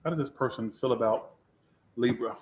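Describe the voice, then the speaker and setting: A man's voice: medium pitch, moderate pace, background noise. Sassy, profane tarot-reading man. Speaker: tarot reader. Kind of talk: casual live tarot reading. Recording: echoey room.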